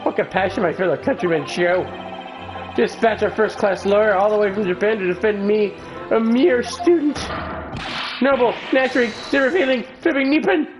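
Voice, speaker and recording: A man voicing an excitable, eccentric young male poet held as a prisoner, with theatrical shrill outbursts. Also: normal speed, lightly acted, poor audio. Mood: gushing. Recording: game music behind.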